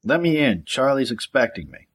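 A man's voice: mid-range voice, very animated, moderate pace, a bit bright, breathy edge, pitched above the performer's own voice. A man doing a curt, tense drug dealer. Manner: curt, commanding, profane. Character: tense hardened male drug dealer, blunt.

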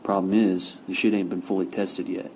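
A man's voice: deep voice, little pitch movement, normal speed, a little hiss or hum. A man reading the lines of a menacing, heavyset male crime boss who growls threats and curses.

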